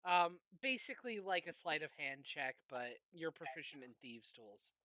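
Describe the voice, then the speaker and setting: Bright-voiced tabletop game master. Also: medium pitch, sing-song, dry recording. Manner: halting narration with fillers.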